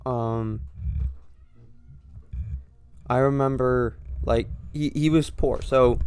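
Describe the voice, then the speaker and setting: A young man with an accent mixing Northern and Southern US speech, hosting a podcast in a halting, rambling monologue full of restarts. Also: medium pitch, steady tone, a little mellow, clean tone, dry recording. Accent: mix of Northern and Southern US. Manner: halting, with frequent restarts and trailing pauses. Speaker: podcast host.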